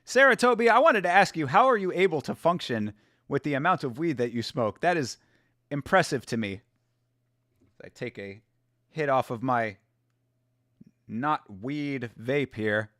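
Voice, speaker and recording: A man's voice: medium pitch, expressive, measured pace, long pauses, bright, forceful tone, dry recording, clean studio sound. A man hosting a fight watch-along stream, chatting loosely with viewers, joking and swearing a lot. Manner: loose, profane, joking, talking to chat. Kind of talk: casual livestream chat reacting to fights.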